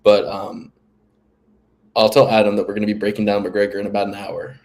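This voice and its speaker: A man's voice: on the low side, level tone, a little fast, darkish tone. A man co-hosting a casual podcast chat, telling long rambling stories with fillers and restarts. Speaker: podcast co-host.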